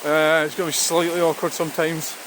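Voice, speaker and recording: A Scottish man rambles to his camera while walking outdoors, his voice slightly high for a man. He talks casually and swears now and then. A clear, rushing stream runs under everything he says. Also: level tone, noisy background. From Scotland. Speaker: vlogger. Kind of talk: casual walking vlog talk. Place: outdoors by a river and waterfall.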